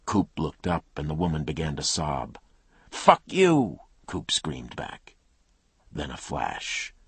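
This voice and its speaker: A man narrates a crime thriller in clipped, tense phrases. His voice is extremely low and markedly husky, recorded close and dry. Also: measured pace, fairly bright tone, no echo. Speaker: audiobook narrator.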